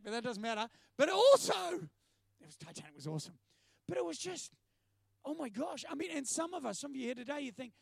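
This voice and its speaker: A man's voice: extremely high pitch, a little fast, gravelly, no echo. A man preaching a sermon, telling stories with jokey asides. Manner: storytelling, animated, jokey asides. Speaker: preacher and TV presenter.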